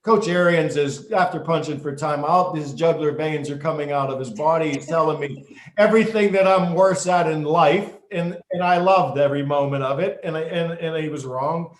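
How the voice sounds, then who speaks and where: A middle-aged man, a former referee, telling stories in an interview in an animated way, with many restarts. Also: fairly high pitch, moderate pace. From United States. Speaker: guest, former football referee and basketball official. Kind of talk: storytelling interview. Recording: echoey room.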